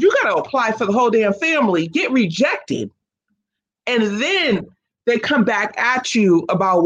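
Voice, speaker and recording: A woman talks as a guest on a casual show, speaking as an autism mom. Her voice sits high and swings widely in pitch as she tells her story. She acts out the people she quotes. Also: very animated, moderate pace, lo-fi sound. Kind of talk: casual chat.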